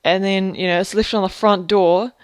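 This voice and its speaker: Young woman, 20s, casual vlogger, smooth clear voice, rambling and profane. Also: mid-range voice, steady tone, moderate pace, dry recording, studio quality. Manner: rambling, profane storytelling full of fillers. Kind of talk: casual video diary.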